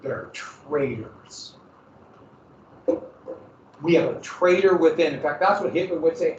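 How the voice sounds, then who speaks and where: Animated American man lecturing in an echoey room. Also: fairly high pitch, slow pace, long pauses, slight background noise. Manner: animated, asks questions and answers them. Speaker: history teacher. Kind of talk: classroom lecture. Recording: echoey room, distant mic, muffled.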